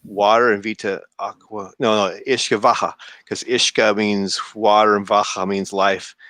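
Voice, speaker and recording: A man's voice: on the low side, flat delivery, moderate pace, sharp tone, dry recording. A man joking and rambling in a casual online group voice chat. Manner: joking, rambling, puts on accents. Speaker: chat room participant.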